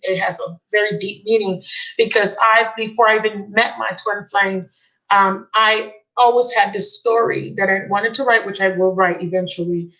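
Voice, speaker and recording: A woman giving a live tarot reading, excitable and emotional, repeating key phrases. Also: medium pitch, low-quality recording. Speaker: tarot reader.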